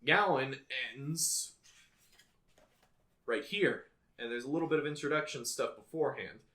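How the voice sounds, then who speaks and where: A man's voice: medium pitch, a little slow, bright, forceful tone. A young man co-hosting a podcast in casual chat, bookish and rambling, often restarting his sentences. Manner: reads poetry aloud. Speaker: podcast co-host.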